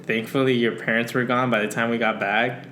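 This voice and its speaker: A man's voice: medium pitch, little pitch movement, brisk, bright, forceful tone. Casting: young male podcast co-host, casual laughing storyteller, faint hiss behind. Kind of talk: casual chat.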